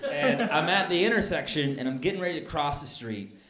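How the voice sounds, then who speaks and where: A man performing a stand-up comedy set, telling stories in an animated way and jumping up high when he acts out scenes. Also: a little fast. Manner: animated storytelling, jumps to high excited pitch when acting out scenes. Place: comedy club stage before a laughing audience. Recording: echoey club room with crowd laughter.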